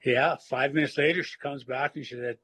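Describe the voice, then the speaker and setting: A man in recovery telling his personal story in a halting, reflective way, with many fillers and restarts. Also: mid-range voice, steady tone, a bit bright, slightly rough, poor audio. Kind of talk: personal testimony.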